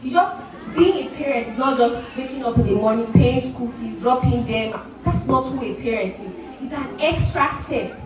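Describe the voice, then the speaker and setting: A fairly high-voiced young woman giving an earnest, preachy speech to parents at a graduation. She is heard through a loudspeaker from far off, with heavy echo and steady crowd noise behind her. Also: normal speed. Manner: earnest, preachy, acts out parent and child quotes. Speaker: speaker at a school graduation. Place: outdoor or large hall ceremony. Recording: echoey PA from far off, noisy.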